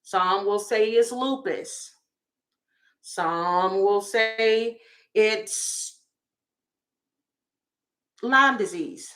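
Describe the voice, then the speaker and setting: A woman's voice: mid-range voice, very slow, pauses often, fairly bright tone. A woman, giving goofy, chatty celebrity gossip commentary as a tarot reader and calling her viewers y'all.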